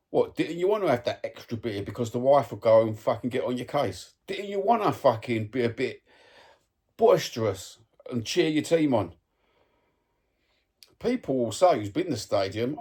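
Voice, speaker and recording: Blunt, sweary man in his own voice, heated fan ranting about a match, mid-pitched. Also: big pitch swings, normal speed, darkish tone, breathy edge. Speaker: football fan vlogger.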